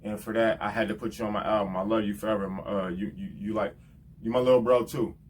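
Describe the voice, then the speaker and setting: A man, a rapper hosting his own show, giving heartfelt, rambling shout-outs in casual slang and often adding "you know what I'm saying". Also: fairly low pitch, steady tone, fast, recorded from a distance, slight background noise.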